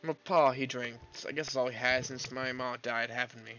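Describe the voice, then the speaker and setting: A man's voice: medium pitch, fairly even intonation, normal speed, pushed and bright, lo-fi sound, a little hiss or hum, close to an everyday voice. A man voicing a young male 1930s detective who talks in a plain, reflective way. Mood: earnest.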